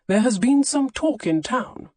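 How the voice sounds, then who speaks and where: A woman voicing a stern, suspicious older gentleman in an audiobook, questioning sharply. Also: a little high, lively intonation, a little slow, dry recording, voice pushed up.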